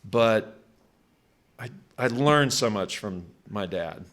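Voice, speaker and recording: A man's voice: lowish voice, animated, takes it slowly, fairly bright tone. A man in his sixties giving a hall of fame acceptance speech at a country club, conversational, with frequent restarts. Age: 60s. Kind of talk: acceptance speech with personal anecdotes. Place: country club event room.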